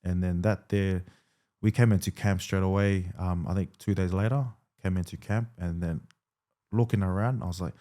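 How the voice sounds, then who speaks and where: A rugby league player in his thirties tells his story in a laid-back interview, his low voice moving at a normal speed. He fills his talk with fillers and quoted bits of dialogue.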